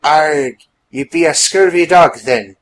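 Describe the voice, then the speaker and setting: A man's voice: a little high, slow, pitched above the performer's own voice, poor audio. A man voicing a young, regal princess from an undersea kingdom who speaks in a formal, stilted way. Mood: playful.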